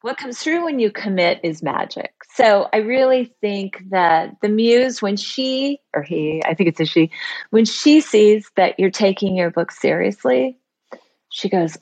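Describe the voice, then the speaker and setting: A woman guest on a talk show, telling a personal story in a lively way and acting out the voices of the people in it. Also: mid-range voice, measured pace. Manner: lively, acts out voices in quotes. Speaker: author guest. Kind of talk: animated storytelling.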